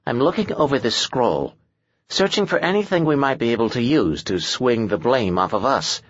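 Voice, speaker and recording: A man's voice: mid-range voice, expressive, moderate pace, no echo, lo-fi sound, lightly acted. A man voicing a pedantic, precise male scholar in an audiobook, who speaks with dry gloom.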